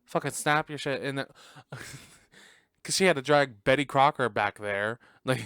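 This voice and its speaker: A man's voice: medium pitch, moderate pace, a bit bright, smooth, no room sound, studio quality. A man hosting a podcast, giving a casual, sassy and profane reaction to a film and laughing often. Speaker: podcast host. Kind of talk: casual movie reaction commentary.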